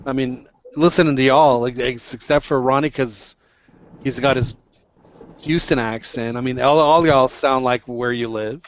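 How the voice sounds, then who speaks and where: A man's voice: medium pitch, fairly even intonation, normal speed, muffled recording. A man hosting a casual sports podcast, talking in a laid-back way with dismissive asides. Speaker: podcast host. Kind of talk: casual chat.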